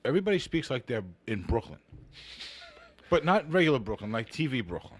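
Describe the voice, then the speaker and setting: A man's voice: mid-range voice, sing-song, a little fast. A man co-hosting a podcast, rambling in casual chat and slipping into joke voices. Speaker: podcast co-host.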